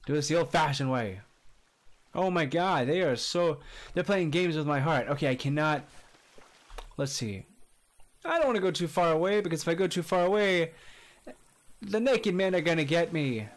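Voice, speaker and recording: Excitable young male game streamer. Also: moderate pace. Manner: excitable, chatty, greets viewers, bursts into high squeals and laughs. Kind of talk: casual live-stream commentary. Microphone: desk condenser mic.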